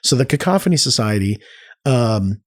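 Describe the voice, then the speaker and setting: A man speaking as a podcast guest, telling stories casually in an animated way, with frequent restarts and acted-out quotes. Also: medium pitch, normal speed. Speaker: podcast guest, arts nonprofit cofounder. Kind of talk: casual conversational storytelling.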